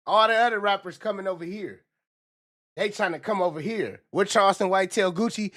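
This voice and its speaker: Loud, excitable man ranting on a livestream. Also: high-pitched, fairly quick. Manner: animated, repetitive, slips into mock voices. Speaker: livestream commentator. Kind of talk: loose livestream rant.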